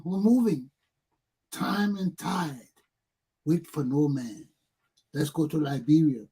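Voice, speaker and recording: A man's voice: a little high, dark tone, husky. A man hosting a talk show, greeting listeners and bringing in a correspondent with punchy, upbeat lines.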